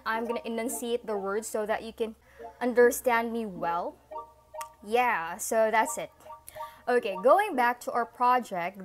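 A woman with a Filipino accent and a lisp, chatting casually to camera through an earphone mic, giggly and apologetic. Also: on the high side. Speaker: vlogger. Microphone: earphone with built-in mic. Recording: music playing underneath.

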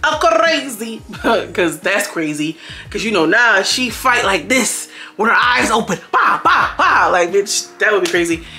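A young woman who reviews reality TV recaps a show casually, animated and slangy, often slipping into voices for the people she quotes. Her voice is medium-pitched and a little slow, with soft music playing behind her.

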